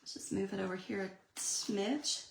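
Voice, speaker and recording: A chatty woman leads a live card-making demonstration and talks back to her viewers. Her voice has a gravelly, fry-edged texture at a middle pitch. The recording is roomy and echoey, with a faint hiss underneath. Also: a little slow. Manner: chatty, reads and answers viewer comments. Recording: echoey room.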